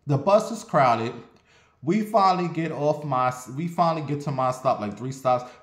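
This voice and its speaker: Animated storytelling man in a roomy echo. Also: a little high, moderate pace. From Ohio. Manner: animated, profane, dramatic storytelling. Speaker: vlogger telling a story. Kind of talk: casual storytime monologue.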